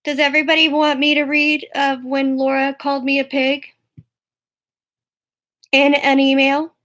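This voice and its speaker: Young woman, live streamer, high voice, slow teasing chat. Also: monotone, fairly bright tone. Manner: teasing, mocking, often laughing. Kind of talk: casual livestream chat.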